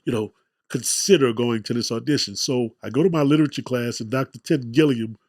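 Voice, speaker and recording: A man's voice: medium pitch, a little fast, darkish tone, dry recording, studio quality. A man hosting a podcast interview, chatting and telling his own story with self-deprecating humor. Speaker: podcast host. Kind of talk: casual interview chat.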